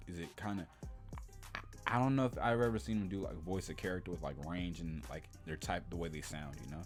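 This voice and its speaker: Male reaction host, low-pitched, rambling casual delivery, faint music underneath. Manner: rambling, hesitant, heavy on "like" and "you know".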